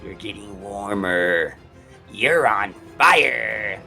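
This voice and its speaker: A masked male killer taunts down the phone line, voiced by a man, in a dark, deliberate drawl. The voice sits low and takes its time over every word, cold and teasing. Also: animated, vocal fry, faint music behind, full character voice. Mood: taunting.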